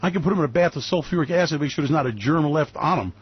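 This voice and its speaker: A man's voice: a little high, expressive, rapid-fire, breathy edge, muffled recording. A man hosting a radio show, talking in a rambling, emphatic monologue full of fillers and restarts. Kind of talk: opinionated monologue.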